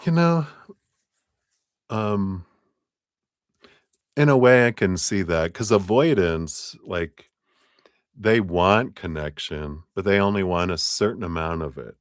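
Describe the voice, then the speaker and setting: A man talking through a live tarot reading, animated, with frequent fillers and laughs. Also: takes it slowly, pauses often, smooth, no room sound, clean studio sound. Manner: animated, acts out quoted voices with big pitch jumps; laughs often, many fillers. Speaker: tarot reader. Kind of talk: live-streamed reading talk.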